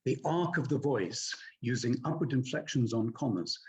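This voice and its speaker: An older man, an audiobook narrator, explaining his craft in a measured, courteous, articulate way. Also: medium pitch, expressive, darkish tone, poor audio. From England. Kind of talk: interview answers, explaining narration technique.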